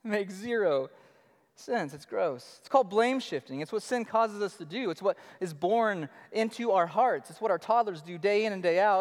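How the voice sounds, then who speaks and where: A high-pitched male pastor delivers an animated sermon, rising to punchy emphasis and dropping to near murmurs. His voice rings out with a long hall reverb. He sounds like a man in his thirties. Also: normal speed. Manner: animated preaching, shifting between loud emphasis and low murmurs.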